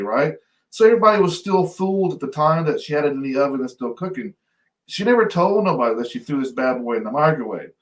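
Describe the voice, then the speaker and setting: A man co-hosting a talk show, telling a family story in a lively, laughing way and mimicking his relatives. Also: medium pitch. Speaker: podcast co-host. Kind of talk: casual storytelling. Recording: echoey room, off-mic.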